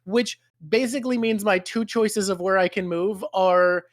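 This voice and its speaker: A man's voice: high voice, moderate pace, dry recording, clean studio sound. A man hosting a live stream, chatting casually, swearing freely and laughing often. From Canada. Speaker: streamer and show host.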